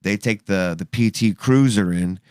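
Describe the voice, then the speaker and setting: A man's voice: lowish voice, moderate pace, darkish tone, clean tone, no echo, clean studio sound. A young man co-hosting a podcast, rambling through a casual story full of fillers and putting on goofy voices for the people he quotes. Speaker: podcast co-host.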